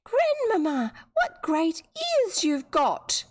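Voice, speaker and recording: A woman with a New Zealand accent voicing an innocent little girl, pitching her voice well up and asking slowly in wonder. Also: wildly swooping pitch, heavily acted. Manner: high, slow, wide-eyed questioning.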